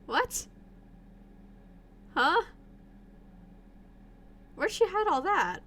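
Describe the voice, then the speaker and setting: A woman's voice: very high-pitched, very animated, very slow, a bit bright. A young woman streaming a game live, chatting and rambling with a giggly, casual manner. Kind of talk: live gameplay commentary.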